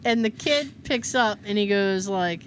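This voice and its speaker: A woman's voice: medium pitch, a little slow, a little hiss or hum. A woman in her thirties co-hosting a casual podcast, telling a story and acting out the dialogue. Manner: animated, acts out quoted dialogue. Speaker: podcast co-host.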